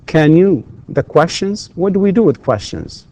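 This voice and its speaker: This man's voice sits on the high side and sounds very animated, with a moderate pace and a dark tone. He's a university English lecturer whose first language is Arabic, giving a recorded lesson and patiently repeating questions for his students.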